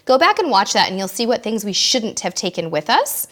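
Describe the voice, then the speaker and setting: A woman with a medium-pitched, sing-song, slightly bright voice hosts a live cruise Q&A stream at a brisk clip. She reads viewers' questions aloud and answers them in a friendly, chatty way.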